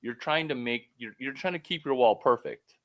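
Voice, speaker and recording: A man coaching someone one-on-one over a call, blunt and profane, rambling with sudden loud bursts. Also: mid-range voice, normal speed. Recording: phone call.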